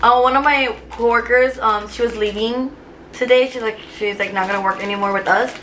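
Young woman vlogger, higher voice, rambling emotional chat with lots of fillers, light noise behind. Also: steady tone, fairly quick, a bit bright. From Cuba. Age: 20s. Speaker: vlogger, teacher. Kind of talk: casual chat to camera. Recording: faint background noise.

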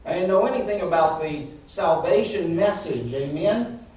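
A man's voice: high voice, measured pace, a little hiss or hum. Man preaching in an echoey hall. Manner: animated preaching, calls out "amen?" to the congregation. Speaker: pastor. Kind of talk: sermon. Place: church sanctuary. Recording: echoey church hall, mic from far off.

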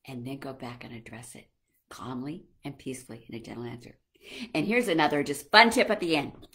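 An older woman coaching other women in a devotional talk, gentle and motherly, often slowing into a soft, calm voice. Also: a bass voice, breathy edge. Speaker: Christian life coach for women. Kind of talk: devotional teaching on a live stream.

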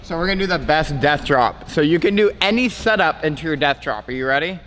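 A man's voice: on the high side, lively intonation, a little fast, fairly bright tone, slight background noise. A young man coaching his girlfriend through gymnastics tricks in a casual vlog, confident and teasing. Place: gym.

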